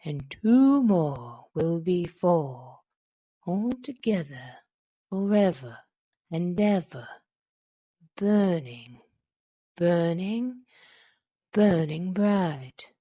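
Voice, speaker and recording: A woman voicing a bitter, sinister dying old man who speaks slowly and menacingly in a lowered voice. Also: very animated, warm tone, dry recording, highs cut off, full character voice. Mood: delirious. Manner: slow, low, menacing.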